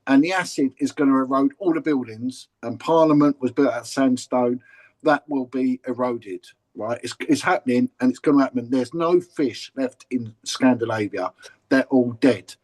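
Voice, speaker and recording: A former police officer from England with a London accent tells stories in a casual, blunt interview. His mid-range voice has a darkish tone and moves at normal speed, though the recording is rough. He's chatty, repeating words and restarting sentences.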